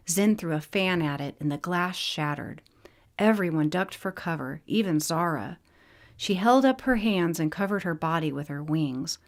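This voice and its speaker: A woman narrates a fantasy audiobook in a plain, steady reading style. Her voice sits on the low side for a woman. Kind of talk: storybook reading.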